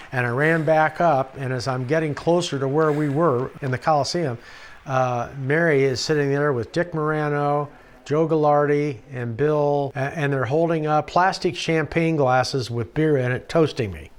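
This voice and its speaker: A man's voice: on the high side, moderate pace. An older man telling rambling stories in a documentary interview, chuckling and acting out the voices of the people he quotes. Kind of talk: storytelling anecdotes.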